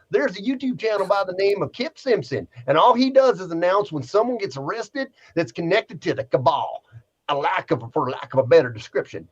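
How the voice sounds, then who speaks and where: A man's voice: high-pitched, husky, dull audio, pitched above the performer's own voice, full character voice. A man reading out a viewer comment in a put-on Southern accent, voicing a preachy woman who lectures and scolds. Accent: American Southern.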